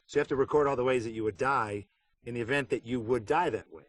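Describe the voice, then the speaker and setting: A man's voice: medium pitch, fast, no room sound. A middle-aged man with a mid-range voice, chatting in a casual interview. He speaks with wry, dry humor and slips into playful joking as he tells stories about his work. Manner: wry, joking, puts on silly voices for anecdotes. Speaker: voice actor interviewed about a game. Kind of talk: casual behind-the-scenes interview.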